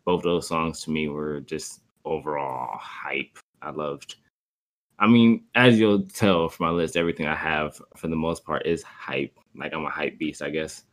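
A man's voice: extremely low pitch, steady tone, measured pace. A man co-hosting a podcast, chatting casually and rambling with lots of "like" fillers. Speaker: podcast co-host. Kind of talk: casual chat.

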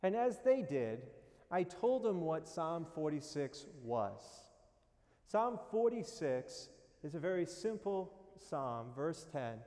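A priest preaches a homily in a soft, mellow voice that sits a little high for a man. He speaks slowly and gently with a prayerful calm, and his words ring out with the long echo of a big church. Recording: long reverb of a large hall.

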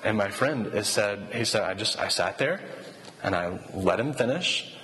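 A man's voice: lowish voice, moderate pace. A man preaching a sermon in a casual, storytelling way, acting out quoted dialogue. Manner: conversational, animated retelling of quoted dialogue. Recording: reverberant hall with faint ambient noise.

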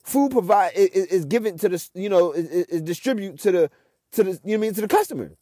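A man's voice: high-pitched, lively intonation, fast, mellow, dry recording, studio quality. A young man, ranting with frustration and heavy cursing in a casual monologue as a podcast host.

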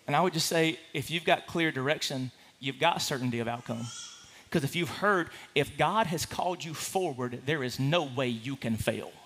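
A man preaching a sermon to a congregation, impassioned, swinging from hushed to loud. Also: medium pitch, normal speed, a little hiss or hum. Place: large room with a congregation.

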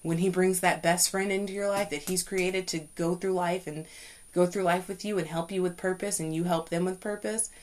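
A young adult woman hosting a faith-based talk, speaking in an emphatic, preachy way that climbs high and loud when she gets fired up. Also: fairly even intonation, moderate pace. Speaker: podcast host.

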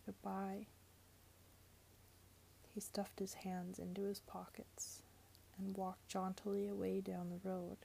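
A woman narrating a novel aloud in a measured, even storytelling manner. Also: medium pitch, vocal fry, a little hiss or hum. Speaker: audiobook narrator. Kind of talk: storybook reading.

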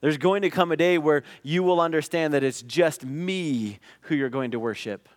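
A middle-aged man preaching a sermon, telling a personal story in a conversational way that rises into loud acted outbursts. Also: a little high, normal speed, no room sound, clean studio sound. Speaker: pastor.

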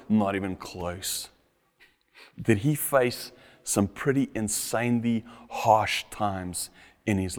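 A man's voice: fairly low pitch, in a large hall. A middle-aged man delivering a sermon, earnest and fond of repeating his key phrases for emphasis. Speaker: pastor.

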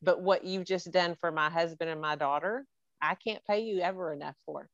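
A low-voiced woman speaks with earnest, emotional warmth as she hosts a podcast from a video call. The sound is dry and slightly dull and lo-fi. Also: normal speed, no echo. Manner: earnest, emotional, full of praise. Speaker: podcast host. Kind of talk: heartfelt podcast chat over a video call.

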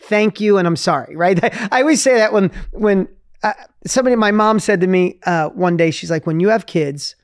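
A man's voice: high voice, moderate pace, clear, resonant tone. A man in his fifties, a podcast host speaking in a reflective, emphatic, coaching way. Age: 50s. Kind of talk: podcast interview.

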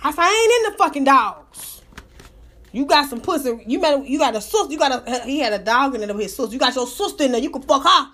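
A woman telling a story casually, animated and full of profanity. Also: high-pitched, very fast, hardly any pauses. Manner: profane, animated, breaks into laughter.

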